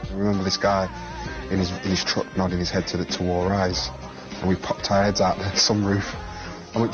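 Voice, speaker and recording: A man's voice: sits low, little pitch movement, fairly quick. A man, a pop singer, telling boastful, laddish anecdotes in a documentary interview. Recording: dull TV audio with music.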